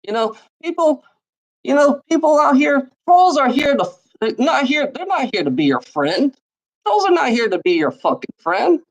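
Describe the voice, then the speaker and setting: A man's voice: very high voice, poor audio. Guy angrily ranting at trolls, swears nonstop, trips over his words, voice jumps all over. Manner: profane, repetitive, stammering restarts. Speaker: video maker. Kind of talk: angry rant to the camera.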